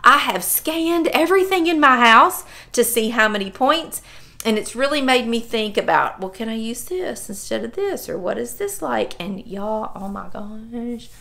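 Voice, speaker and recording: A woman, chatting casually to camera in a lively, folksy way. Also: fairly high pitch, normal speed, creaky. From Southern United States. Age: 50s. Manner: chatty and animated, laughs often, folksy phrasing. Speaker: vlogger.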